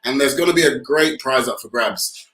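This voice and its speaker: A man with a British accent co-hosting an art class for kids, playful and joking, cheering his young viewers on. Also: moderate pace. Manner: playful, joking, shouts "Boom!". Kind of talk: upbeat kids' tutorial patter. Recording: echoey room.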